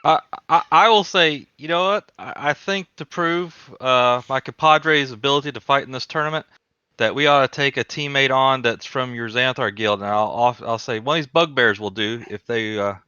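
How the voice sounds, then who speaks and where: A man playing a tabletop game, speaking in a persuasive, measured way. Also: medium pitch, pushed and bright, smooth, dry recording, lo-fi sound. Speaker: player. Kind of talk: tabletop role-play.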